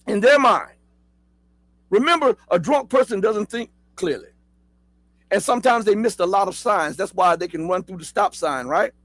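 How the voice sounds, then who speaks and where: A man's voice: very high-pitched, breathy edge, dry recording, rough recording. A middle-aged man with a Southern accent hosts a casual commentary show, reading an article aloud and stopping to question his viewers. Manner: talks straight to viewers, asks rhetorical questions, spells words out. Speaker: host.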